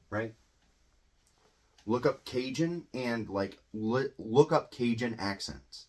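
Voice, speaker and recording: A man with a Midwestern American accent teaching English in a relaxed, conversational way, often checking in with tag questions. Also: fairly low pitch. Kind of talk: casual explanatory lesson.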